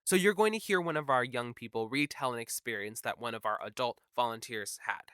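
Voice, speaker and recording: A man's voice: mid-range voice, brisk, bright, forceful tone, clean tone, dry recording, studio quality. A man hosting a podcast, giving friendly, conversational introductions and credits. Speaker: podcast host.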